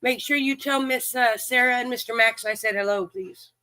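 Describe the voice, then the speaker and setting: A woman's voice: fairly high pitch, normal speed, pushed and bright, no room sound, poor audio. A woman hosting a live stream card game, chatting with viewers in a folksy, teasing, profane way while coughing and short of breath. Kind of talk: casual chat with viewers.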